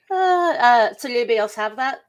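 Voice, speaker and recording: A woman hosting a casual podcast chat, talking in a chatty way with quick asides. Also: a little high. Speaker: podcast host.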